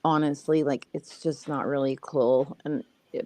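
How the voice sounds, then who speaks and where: A woman's voice: very deep voice, fairly even intonation, a little slow, darkish tone, no room sound. A grandmother chatting casually on a live stream, swearing freely and laughing often. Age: older.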